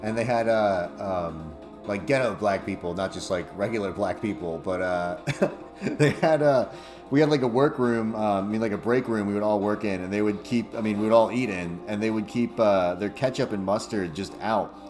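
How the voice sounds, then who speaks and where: A man's voice: lowish voice, moderate pace, darkish tone. A young man chatting casually and profanely on a livestream, rambling and laughing often. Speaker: streamer. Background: music playing.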